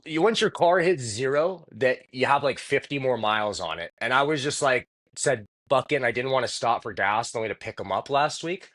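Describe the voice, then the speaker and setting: A man talking loosely on a podcast, piling up fillers and restarting his sentences. His pitch sits in the middle for a man. He swears casually as he goes. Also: fairly bright tone. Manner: rambling, lots of filler and restarts. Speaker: podcast co-host. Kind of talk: casual chat.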